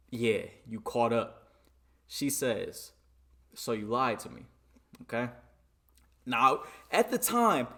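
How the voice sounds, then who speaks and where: A man from Michigan telling a story in a casual vlog, animated and dramatic, often repeating "you know what I'm saying.". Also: mid-range voice. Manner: dramatic re-enacting of dialogue.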